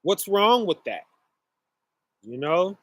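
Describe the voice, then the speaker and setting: Dude rambling slow to his viewers, lots of uh and y'all, dry sound. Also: high voice, very animated, no echo. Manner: slow, rambling, many fillers, addresses audience as y'all. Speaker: online show host. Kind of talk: casual monologue to viewers.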